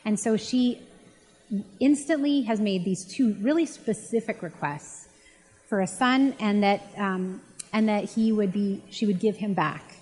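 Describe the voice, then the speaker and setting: A woman's voice: mid-range voice, a little slow, a little mellow. A woman giving a casual, chatty Bible teaching and retelling the story in a conversational way. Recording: long reverb.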